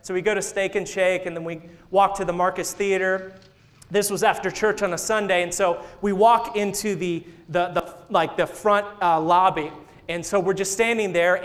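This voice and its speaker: A man in his thirties, a senior associate pastor, preaches a sermon in a church sanctuary, telling a story and joking and laughing with the congregation in a playful way. His voice sits high and fairly bright, with fairly even intonation and a moderate pace.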